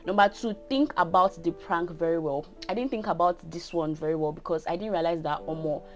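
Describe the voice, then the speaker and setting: A woman's voice: fairly low pitch, a little fast, soft background music. A woman of twenty with a Nigerian accent, telling a story in a chatty, casual way and often checking in with her viewers. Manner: chatty, often asks "do you get?". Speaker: vlogger.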